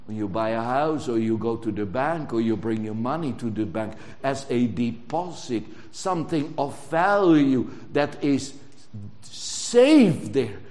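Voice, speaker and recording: A man preaching a sermon in English, stressing words strongly and drawing phrases out. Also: medium pitch. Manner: emphatic, drawn-out preaching with sudden loud stresses. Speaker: pastor.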